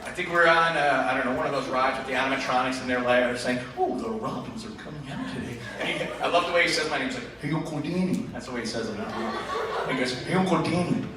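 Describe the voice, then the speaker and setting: A man's voice: mid-range voice, quick pace. A man in his forties, a chemistry teacher doing a self-deprecating stand-up routine with rambling asides. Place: school auditorium stage with live audience. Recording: echoey auditorium taped from far off. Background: laughing crowd and loud room noise.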